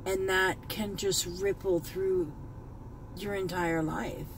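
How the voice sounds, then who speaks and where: A woman's voice: on the low side, fairly even intonation, takes it slowly, background noise. A woman beauty vlogger talking in a heartfelt, rambling way from her car, choked up at times and repeating herself. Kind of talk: emotional commentary vlog. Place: in a parked car.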